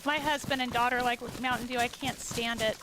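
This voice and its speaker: A woman's voice: a little high, steady tone, a little fast, noisy background. A middle-aged woman hosting a livestream, chatting casually and teasing her co-player while gaming. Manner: playful, teasing, opinionated. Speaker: livestream host.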